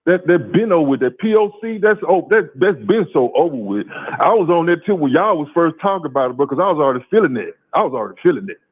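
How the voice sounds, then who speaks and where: A man from calls in and tells a story in a profane, animated way, often repeating words as he stammers. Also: on the high side, quick pace, slightly rough. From Louisiana, USA. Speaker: caller. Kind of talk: casual call-in storytelling. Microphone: phone call. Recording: tinny phone line.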